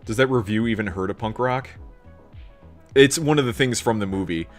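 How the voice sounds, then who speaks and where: A man's voice: lowish voice, moderate pace, soft background music. A man streaming live, chatting casually and ranting, laughing often and filling in with "like" and "um". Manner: animated, ranting, laughs often, lots of fillers. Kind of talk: casual livestream chat.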